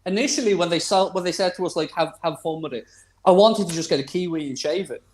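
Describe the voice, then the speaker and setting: A man's voice: sits high, quick pace. A man, hosting a casual football podcast with teasing jokes. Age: 40s. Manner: jokey, teasing, steering the chat. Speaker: podcast host. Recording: roomy echo.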